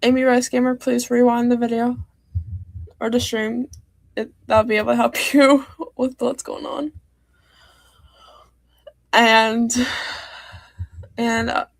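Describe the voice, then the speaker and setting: A woman's voice: a little high, creaky, no room sound. A teenage girl streaming, talking in a hurt, rambling way with many fillers and restarts. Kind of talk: upset personal livestream talk.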